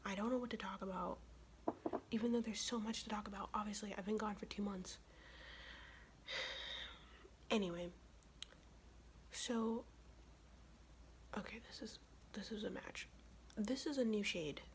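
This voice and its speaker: A woman's voice: medium pitch, fairly even intonation, measured pace, pauses often, background noise. A young woman who is sick, talking in a whispered ASMR get-ready-with-me chat, casual and profane. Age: young adult. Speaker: ASMR vlogger.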